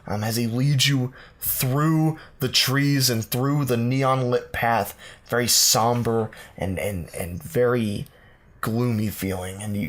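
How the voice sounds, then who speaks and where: A man co-hosting a podcast, narrating an improvised comic quest story in a meandering, playful way full of ums. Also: mid-range voice. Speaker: podcast co-host.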